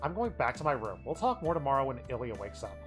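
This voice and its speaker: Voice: medium pitch, sing-song, quick pace, natural voice. Teasing, slangy teen girl mage, played by a streamer, faint music behind.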